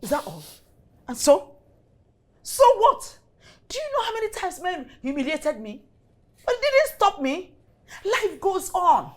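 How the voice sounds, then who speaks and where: A loud, bossy Nigerian mother lectures with a high voice that swings up and down. She is brash and scheming, middle-aged, and scolds without pause in a Nollywood film scene. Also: very animated, full character voice. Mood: lecturing. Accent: Nigerian English. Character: brash scheming mother pushing her daughter.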